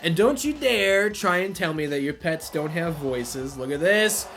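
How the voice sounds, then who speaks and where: A man hosting a wrestling video game playthrough, chatting casually, laughing and swearing, then shouting play-by-play at the big moves. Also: a little high, expressive, measured pace, few pauses, over music. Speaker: let's play host.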